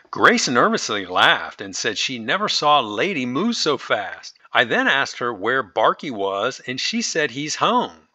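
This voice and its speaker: A man's voice: mid-range voice, big pitch swings, a little slow, few pauses, pushed and bright, no echo. A man reading a listener's story aloud and breaking in with his own asides. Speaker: story reader and commentator.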